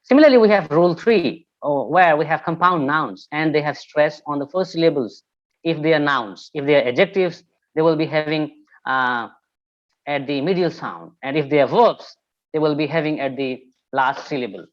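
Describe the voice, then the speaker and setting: A male teacher gives an English pronunciation lesson in a careful, measured way. He often stops with hesitant fillers while explaining. The recording sounds a little muffled and lo-fi. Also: a little high, lively intonation. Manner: careful explanations, many "uh" pauses. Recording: slightly dull lo-fi recording.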